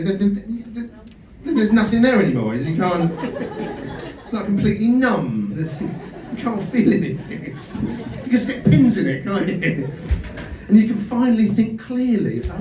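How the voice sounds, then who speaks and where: Lively British comic in a roomy club. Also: male voice, sits high, noisy background. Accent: British English. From Britain. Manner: chatty, sweary, self-mocking, stammers on restarts. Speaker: stand-up comedian. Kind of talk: stand-up comedy set. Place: comedy club stage with live audience. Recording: roomy live club sound from a distance. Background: audience laughter and chatter.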